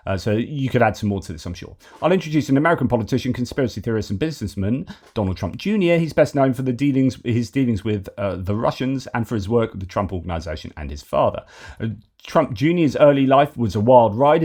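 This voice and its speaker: A man's voice: fairly low pitch, darkish tone. Man giving casual news commentary. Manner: conversational, rambling, with many fillers and restarts. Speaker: host of a news commentary channel.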